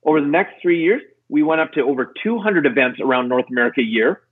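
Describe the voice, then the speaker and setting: A man's voice: quick pace, husky. A middle-aged man telling a story as a podcast guest, acting out the voices of the people in it. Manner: acts out quoted voices, lively pitch jumps. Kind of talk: animated storytelling. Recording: tinny phone-like line.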